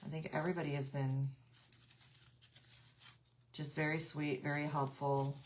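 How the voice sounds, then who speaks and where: A woman's voice: deep voice, flat delivery, unhurried, slight background noise. A woman hosting a casual craft livestream, chatting with viewers, laughing often and reading out their comments.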